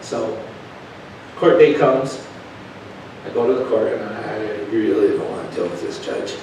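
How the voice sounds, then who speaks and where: A male preacher telling a testimony in an animated storytelling manner, swinging from hushed to loud. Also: a little slow, vocal fry. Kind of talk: sermon testimony. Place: church. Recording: echoey church from a distant mic with background rumble.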